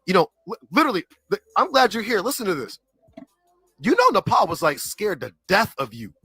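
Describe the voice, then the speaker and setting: A man's voice: high voice, wildly swooping pitch, fairly quick, sharp tone, breathy edge, faint music behind, poor audio. A man chatting casually on a livestream, rambling in slang and packing his talk with filler words. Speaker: livestream regular reading chat.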